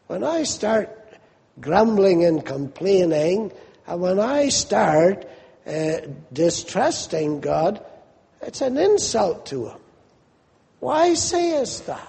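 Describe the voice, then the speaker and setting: Slow high-voiced preacher in a reverberant hall. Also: male voice, creaky, mellow. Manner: slow, emphatic preaching with rising quoted questions. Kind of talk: sermon.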